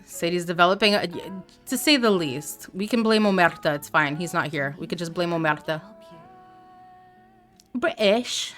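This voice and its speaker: A woman's voice: lowish voice, moderate pace, a bit bright, faint music behind. Chatty woman streaming a game. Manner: chatty, reads chat aloud, playful asides. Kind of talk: casual live gameplay chat.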